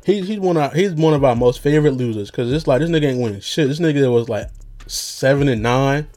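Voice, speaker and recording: A man's voice: mid-range voice, fairly quick, a little mellow, faint music behind. A young man rambling casually as a podcast host, loose and slangy with lots of fillers and jokes.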